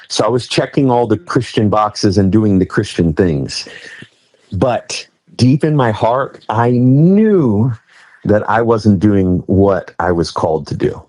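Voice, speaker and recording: Deep-voiced pastor telling his story. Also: expressive, a little slow, a little mellow, no room sound. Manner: earnest, conversational storytelling. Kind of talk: personal testimony in an interview.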